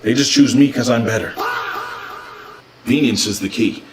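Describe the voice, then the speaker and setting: A man's voice: medium pitch, normal speed, background noise, close to an everyday voice. A man playing a cocky, boastful game store as a person, retorting in a comedy skit. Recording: distant mic with music underneath.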